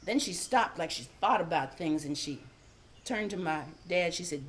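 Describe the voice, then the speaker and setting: An older woman telling a family story live, expressive and laughing often. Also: fairly low pitch, moderate pace.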